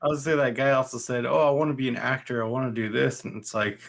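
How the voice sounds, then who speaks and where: A man's voice: mid-range voice, fairly even intonation, fast talker, vocal fry. A man co-hosting a casual podcast who chimes in with wry quips. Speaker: podcast co-host. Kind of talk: casual chat. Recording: faint background noise.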